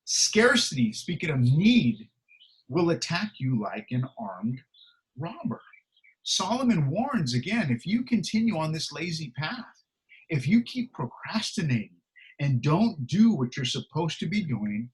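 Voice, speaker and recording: A middle-aged man preaches in a loose, conversational way, earnest and emphatic. He often stops on "uh" and "you know" and restarts his phrases. His voice sits a little high for a man. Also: very animated, a little slow, poor audio. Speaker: pastor. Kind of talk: conversational sermon.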